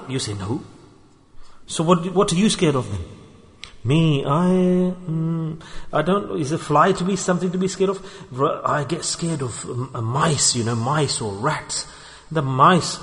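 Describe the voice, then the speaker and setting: A man with a fairly high voice gives a sermon in a mosque, telling everyday stories and acting out the voices of the people in them. His voice rings with a long reverb from the hall. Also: fairly bright tone. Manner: storytelling, acts out quoted voices. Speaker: religious teacher. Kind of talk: sermon with acted examples.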